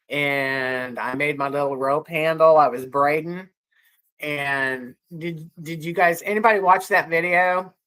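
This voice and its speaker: A woman's voice: low-pitched, fairly bright tone. A woman co-hosting a casual livestream, chatting with viewers in a rambling way and laughing often. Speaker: livestream co-host.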